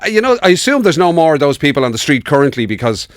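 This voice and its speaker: Chatty irish guy, a bit high and animated, ribbing his mate, laughs a lot. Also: racing, no echo, clean studio sound. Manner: teasing, chatty, laughs often. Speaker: radio co-host. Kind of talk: casual podcast chat.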